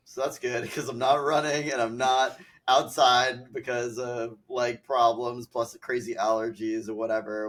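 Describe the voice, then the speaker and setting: A young man hosting a podcast in a loose, rambling way, leaning on filler words as he goes. His voice sits a little low. He sounds a bit stuffy from allergies. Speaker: podcast host. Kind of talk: casual chat.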